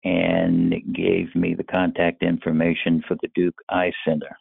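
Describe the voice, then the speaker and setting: An older man from North Carolina telling a personal story in a slow, measured way. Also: sits low, flat delivery, creaky, husky, no echo. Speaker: caller sharing a personal story. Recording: tinny phone-line recording.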